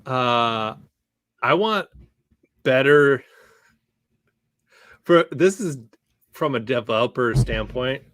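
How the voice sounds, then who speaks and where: Slow, hesitant man in a dry room. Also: medium pitch, lively intonation, a bit bright, no room sound. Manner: hesitant, many ums and uhs. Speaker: podcast co-host. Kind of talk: casual chat.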